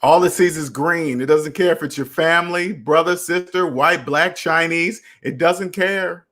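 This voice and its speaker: A man's voice: a little high, a little slow, a bit bright. A young adult man hosting a casual personal finance live stream, talking straight to viewers and repeating phrases for emphasis.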